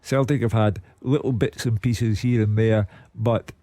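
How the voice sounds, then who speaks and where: A man's voice: on the low side, fairly even intonation, unhurried, warm tone, dry recording. A man giving wry football punditry in a radio studio. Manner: dry, wry storyteller.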